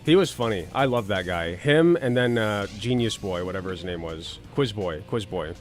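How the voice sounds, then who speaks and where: A man's voice: fairly low pitch, lively intonation, normal speed, faint music behind. A man hosting casual political commentary, rambling with sarcastic, crude jokes and swearing.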